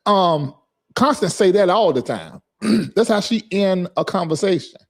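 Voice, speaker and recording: A man's voice: high-pitched, animated, measured pace. A man hosting a casual live stream, chatting with viewers by name and drilling them on how to say a word. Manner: chatty, repeats and drills a word's pronunciation; talks to chat viewers by name.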